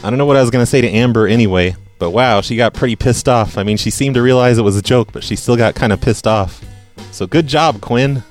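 A man's voice: medium pitch, quick pace, soft background music. An American man hosting a prank call show, chatting in a wry, offhand way. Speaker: podcast host.

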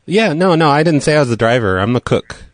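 An American man playing a rude pizza cook in a prank call, talking deadpan and brash. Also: fairly high pitch, fast talker, a little hiss or hum, voice pushed up, lightly acted. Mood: mock earnest. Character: crude prank-calling male pizza cook.

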